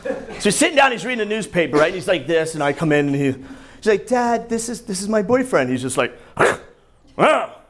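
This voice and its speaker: Animated high-voiced man doing standup. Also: fast. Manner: animated, profane, loud bursts over crowd laughter. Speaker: standup comedian. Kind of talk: standup comedy set. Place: comedy club stage. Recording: live club recording with crowd laughter. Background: audience laughing.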